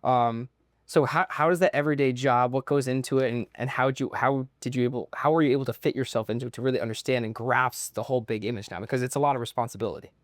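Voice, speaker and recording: A man hosting a casual podcast interview, asking quick, upbeat questions. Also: mid-range voice, steady tone, dry recording, studio quality. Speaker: podcast host.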